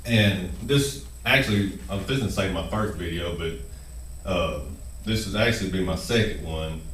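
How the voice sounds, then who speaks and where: A man's voice: low-pitched, moderate pace, a bit bright, echoey room, far from the mic, slight background noise, low-quality recording. A man hosting his own video channel, speaking nervously while chewing gum, with many fillers and restarts. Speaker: channel host. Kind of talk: nervous first-video monologue.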